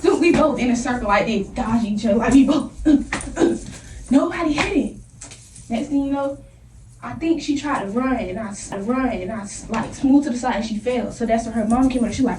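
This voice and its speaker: High-voiced young woman telling a story animatedly. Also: moderate pace, background noise. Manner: animated, acts out scenes, heavy slang. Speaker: vlogger. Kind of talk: casual storytime. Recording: echoey room, voice from a distance.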